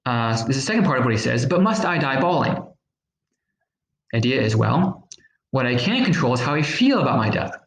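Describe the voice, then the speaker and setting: A man talks students through a recorded history lesson at a middle pitch. He explains patiently with fillers and acts out small examples. The room around him is echoey, with a faint hiss behind. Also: lively intonation, quick pace, gravelly. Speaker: teacher.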